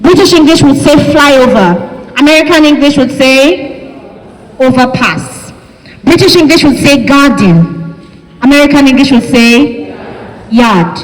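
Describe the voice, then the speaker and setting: A woman's voice: high voice, lively intonation, a little slow, long pauses. A woman with a Nigerian accent giving a classroom lecture, chatty and asking the class questions. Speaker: university lecturer. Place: lecture hall. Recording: echoey hall with faint ambience.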